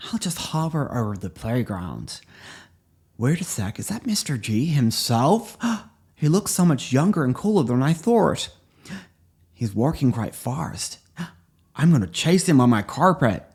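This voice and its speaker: An excitable young carpet rider gushes over the view below, as a man puts him on. He talks in a bright, eager way and tips into high, panicked yelling. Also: unhurried, husky, full character voice. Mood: gushing. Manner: gushing, then panicked screaming as he falls. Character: young male cartoon-style flying carpet rider, excitable.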